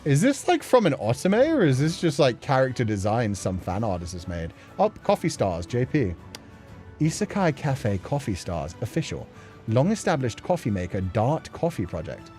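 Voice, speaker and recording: A man's voice: medium pitch, very animated, moderate pace, mellow, faint music behind. A man hosting a casual livestream chat show, rambling with lots of filler words and laughing often as he reads viewer messages.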